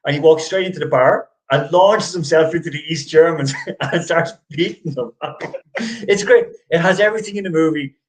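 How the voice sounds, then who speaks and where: A middle-aged man runs a casual sports chat show at a moderate pace, his voice pitched on the high side. He tends to ramble, restart frequently and laugh easily, all on a rough recording.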